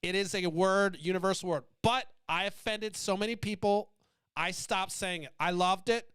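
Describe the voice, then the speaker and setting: A man with a high, bright, clean voice rants about politics, swearing freely and meaning to provoke. He drifts off on tangents and pulls himself back with a shrug. His delivery is blunt and unapologetic. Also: normal speed, clear, resonant tone. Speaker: podcast host. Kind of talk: profane political rant.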